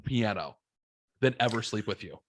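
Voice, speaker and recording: A man's voice: fairly low pitch, expressive, normal speed, fairly bright tone, no echo. A man hosting a podcast, talking in a blunt, joking way, and he swears freely. He restarts his sentences with emphasis as he builds a point. His voice sounds close and dry, with no room around it. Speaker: podcast host. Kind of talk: casual podcast chat.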